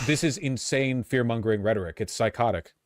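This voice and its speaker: A man's voice: mid-range voice, fairly quick, no echo. Streamer guy ranting sarcastically at a news clip, swears a lot, dry close sound. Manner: exasperated, sarcastic, swears often. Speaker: streamer reacting to a news video. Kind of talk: casual live-stream reaction.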